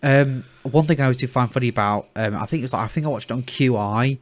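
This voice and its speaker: A man's voice: medium pitch, quick pace. A young man, co-hosting a casual chat podcast and rambling with many restarts. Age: young adult. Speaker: podcast co-host.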